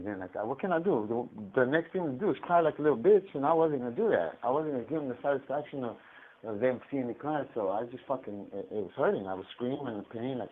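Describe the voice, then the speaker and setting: A man's voice: medium pitch, fairly quick. A man telling a story over a prison collect call, swearing constantly and stumbling over and repeating his words. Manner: profane, rambling, stammers and repeats words. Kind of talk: casual storytelling. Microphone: phone. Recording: tinny prison phone line.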